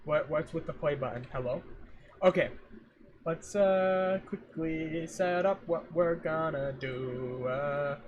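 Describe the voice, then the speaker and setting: A young man talks on a livestream in a loose, rambling way, cracking jokes and talking to himself and his chat. His voice sits a little higher than most men's. A fan hums faintly behind his home mic. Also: slow pace, dull audio, slight background noise. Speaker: streamer. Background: fan running.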